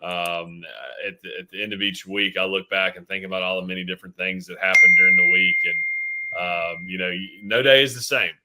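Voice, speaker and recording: A man's voice: sits low, fairly even intonation, brisk, heavy background noise. A man in his thirties, a mayor, answering interview questions earnestly with frequent fillers and restarts. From Tennessee. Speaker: city mayor, guest.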